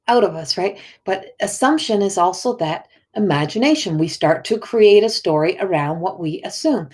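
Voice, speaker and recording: A woman coach chatting casually to viewers on a live stream, earnest and encouraging, with halting speech and frequent restarts. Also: mid-range voice, expressive, darkish tone. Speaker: spiritual coach and oracle card reader.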